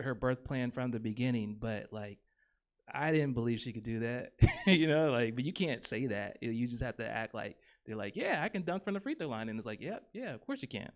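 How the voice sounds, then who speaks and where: A man's voice: mid-range voice, gravelly. Guy in his 30s doing standup, rambly, tons of ums and likes, handheld mic on a small theater stage. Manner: rambling, filler-heavy, self-deprecating. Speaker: stand-up comedian. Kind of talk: stand-up comedy.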